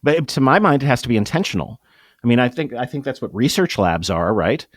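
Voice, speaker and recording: A middle-aged man talking as a guest in an interview, explaining with emphatic, lively energy. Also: medium pitch, a little fast, no echo, studio quality. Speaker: guest, improv comedy producer. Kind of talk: conversational interview.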